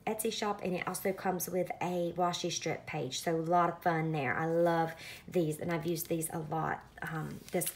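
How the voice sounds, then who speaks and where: Chatty Southern woman showing her journal. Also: on the low side. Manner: chatty, many ums, friendly explaining. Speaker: craft vlogger. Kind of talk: casual show-and-tell walkthrough.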